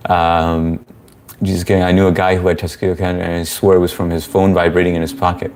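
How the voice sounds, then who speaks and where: Young male livestream host, low voice, loose and chatty, reads chat aloud. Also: fast. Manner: relaxed, chatty, reads viewer comments aloud. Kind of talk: casual live-stream Q&A.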